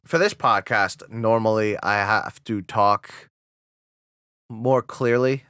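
New england dude co-hosting a podcast, kinda mumbly and slurred, bright voice. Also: male voice, lowish voice, fairly even intonation, slow, clean tone, no echo, studio quality. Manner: slurred mumbly speech, laughs often. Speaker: podcast co-host. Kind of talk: casual podcast chat and reading.

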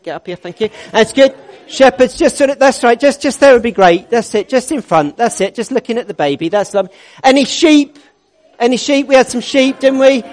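High-voiced man, upbeat and jokey. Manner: upbeat, jokey, coaxing people into place. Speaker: church service leader. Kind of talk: leading a congregation activity. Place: church hall with a congregation.

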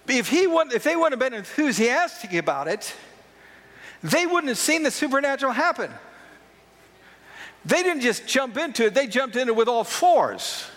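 High-voiced man preaching in a reverberant hall. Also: very animated, normal speed, fairly bright tone. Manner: emphatic preaching with repeated phrases. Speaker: pastor. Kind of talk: sermon.

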